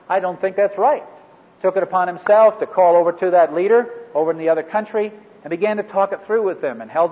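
A man leading a ministry training workshop for a live group, talking in a halting way with many fillers and restarts. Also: on the high side. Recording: echoey hall over a phone-like line.

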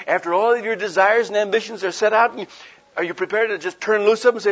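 A man's voice: sits high, fast talker, pauses often, a bit bright. A man preaching a sermon in a folksy, conversational way, asking his listeners rhetorical questions and acting out the people he quotes. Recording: dull lo-fi recording.

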